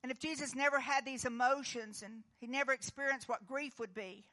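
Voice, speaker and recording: Woman pastor preaching a comforting sermon, bright clear tone, goes soft then strong. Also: high-pitched, fairly even intonation, a little fast. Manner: earnest, comforting, moves between hushed and emphatic.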